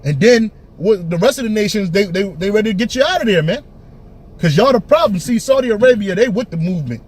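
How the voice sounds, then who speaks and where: A man teaching and preaching in a forceful, emphatic way, often tagging his lines with "man" and restarting phrases. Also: sits high, lively intonation, fast talker, husky. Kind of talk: preaching street-style commentary.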